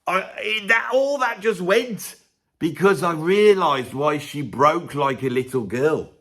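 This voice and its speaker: Animated man ranting to camera. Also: a little high, takes it slowly. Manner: animated, sarcastic, swings between loud and muttered asides. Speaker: music vlogger. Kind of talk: casual opinionated rant to camera.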